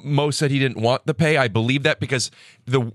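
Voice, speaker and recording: A man's voice: mid-range voice, a little fast, dry recording, studio quality. An American man from Ohio, a stand-up comedian chatting casually on a podcast in a joking, teasing way. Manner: joking, teasing, playful mock misunderstandings. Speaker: comedian guest. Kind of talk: casual chat.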